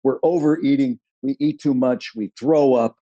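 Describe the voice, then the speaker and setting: A middle-aged man, a guest on a podcast, telling stories in an animated, halting way. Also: mid-range voice, no room sound, lo-fi sound. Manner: animated, halting storytelling with restarts. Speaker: guest, actor. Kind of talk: podcast conversation, storytelling.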